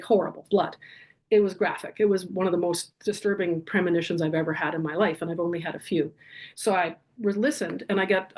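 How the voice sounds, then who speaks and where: A middle-aged woman, a podcast guest telling a personal story in earnest, vivid detail. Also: lowish voice.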